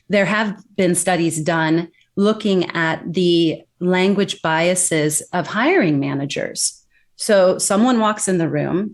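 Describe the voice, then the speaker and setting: Emphatic low-voiced American woman. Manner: animated, emphatic, explanatory. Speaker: accent and communication expert guest. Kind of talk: interview answers.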